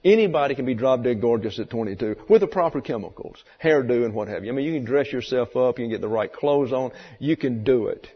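Male Bible teacher, folksy lecture, husky voice, muffled hall recording. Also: mid-range voice, lively intonation, fast, hardly any pauses. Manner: folksy, explanatory, rhetorical questions. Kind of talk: sermon lecture.

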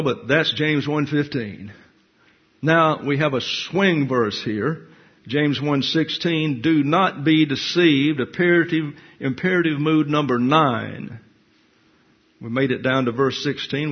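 Blunt teaching pastor, husky voice. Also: male voice, medium pitch, measured pace. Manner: blunt, teacherly, reads scripture with commentary. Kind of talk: Bible class sermon. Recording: dull lo-fi recording.

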